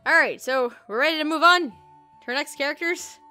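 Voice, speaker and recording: A woman's voice: sits high, fairly quick, bright, forceful tone, faint music behind. A woman hosting a casual podcast chat, rambling and self-correcting, laughing often. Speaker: podcast host reviewing an audio drama.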